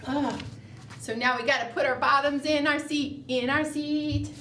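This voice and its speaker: A children's librarian leading a preschool storytime, coaxing young children in an animated, encouraging way. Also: female voice, high-pitched, a little slow. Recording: roomy, from a distance, faint noise.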